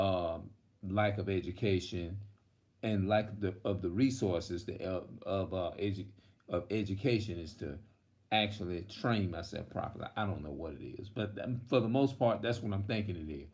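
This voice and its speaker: A man's voice: low voice, normal speed, darkish tone, reverberant. A man preaching in a rambling, heated, profane monologue. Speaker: religious video host.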